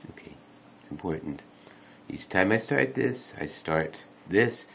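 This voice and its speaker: A man's voice: deep voice, expressive, measured pace, creaky, a little hiss or hum, low-quality recording. A man talking to his viewers in a rambling, wry, self-correcting late-night monologue on a dedicated microphone. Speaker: video blogger. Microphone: dedicated microphone rather than phone.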